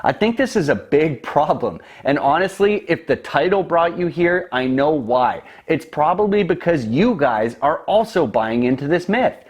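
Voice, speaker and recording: A man in his twenties speaks in a somewhat high voice. He explains investing to the camera with emphatic, persuasive confidence, leaning hard on his points. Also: animated, moderate pace, hardly any pauses. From Canada. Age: 20s. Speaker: real estate investor.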